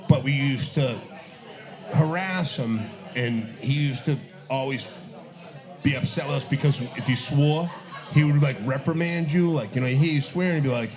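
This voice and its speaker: A man, a guest on a live bar podcast, telling crude stories and shouting mocking impressions. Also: medium pitch, normal speed, faint music behind. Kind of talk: casual storytelling among friends.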